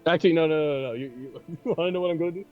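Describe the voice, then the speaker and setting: A man's voice: on the high side, rapid-fire. A man playing in a casual tabletop game with friends, who stammers and repeats his words. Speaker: player. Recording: dull lo-fi audio with faint music.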